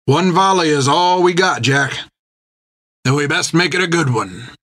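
A man's voice: a little high, unhurried, fairly bright tone, voice pushed up. A man voicing a fierce, battle-hungry male sailor who speaks with menace. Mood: grim.

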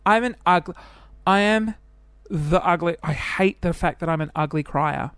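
A man's voice: on the high side, normal speed, fairly bright tone, clear, resonant tone, no room sound. A man in his twenties with an Australian accent, hosting a casual solo podcast, chatty and self-deprecating as he jumps from one topic to the next. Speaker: podcast host.

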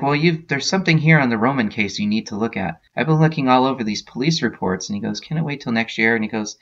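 A man's voice: on the low side, a bit bright. A man hosting a podcast, casually retelling a comic book story scene by scene with plenty of filler words. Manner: retells scenes with quoted lines, many uh fillers. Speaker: podcast host. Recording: dull lo-fi sound.

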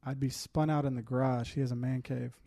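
A man talks through a heartfelt personal testimony, his voice mellow and dark in tone. His pitch stays flat and steady while he pauses with fillers and holds back tears. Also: creaky. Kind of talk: casual testimony chat.

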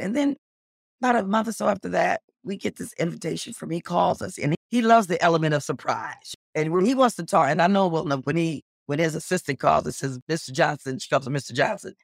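A middle-aged woman telling a story as an interview guest, animated and acting out the dialogue she quotes. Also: fast, vocal fry, no echo, clean studio sound. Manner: animated, acts out quoted dialogue with big pitch jumps.

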